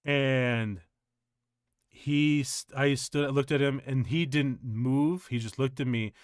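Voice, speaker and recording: A male streamer telling a personal story in casual chat, rambling and halting, with many restarts. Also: medium pitch, clear, resonant tone, no room sound, studio quality.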